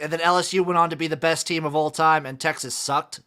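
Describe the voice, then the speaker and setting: A man hosting a casual sports podcast, running through scores with wry, deadpan remarks. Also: a little high, quick pace, clean tone. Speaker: podcast host.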